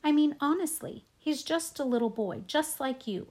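A woman's voice: high-pitched, expressive, moderate pace, darkish tone, voice pushed up. A woman voicing a firm, lecturing mother of two boys in a storybook reading. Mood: stern. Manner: stern, lecturing.

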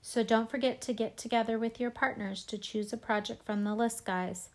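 A woman reading aloud, voicing a brisk, impatient schoolteacher. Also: a little high, steady tone, darkish tone, lightly acted.

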